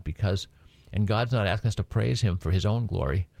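A man's voice: fairly low pitch, a little fast, vocal fry, darkish tone, no echo. A man giving a conversational Bible lesson, often checking in with his listeners by asking "right?". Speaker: Bible teacher.

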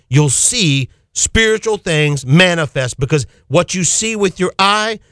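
Male radio preacher host, fervent, exclamatory, fairly high voice, dry close sound. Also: no room sound. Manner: fervent, exclamatory, rhetorical questions.

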